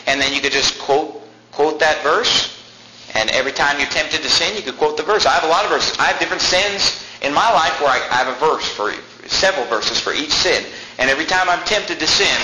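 A man preaching a sermon in an earnest, conversational, exhorting way. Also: on the high side. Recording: echoey room with loud noise.

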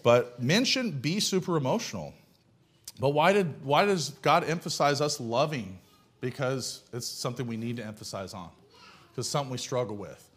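A man's voice: on the high side, a bit bright. A man preaching a sermon in a blunt, folksy way, firing off rhetorical questions. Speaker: pastor.

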